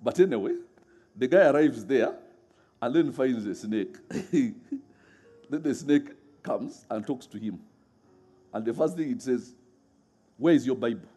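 A middle-aged man preaching a sermon in a lively way, laughing often and acting out voices as he tells stories. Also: mid-range voice, measured pace, pauses often, breathy edge.

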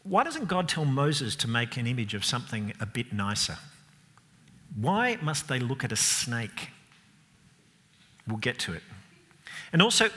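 A man preaching a sermon, expressive and emphatic, asking rhetorical questions and dropping to softer moments. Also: medium pitch. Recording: long hall reverb.

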